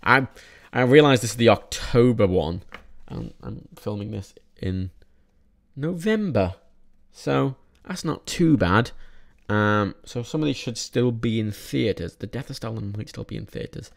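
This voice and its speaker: A man's voice: mid-range voice, animated, a little slow, vocal fry. A young man casually reviewing films in a vlog, rambling with many restarts and frequent swearing. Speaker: film reviewer.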